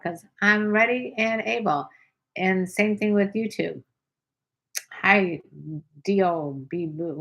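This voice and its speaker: Older woman, livestream host, lowish voice, frank and playful with comment replies. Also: dull audio. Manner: chatty, reads comments aloud, frank and playful. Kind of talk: casual livestream chat reading viewer comments.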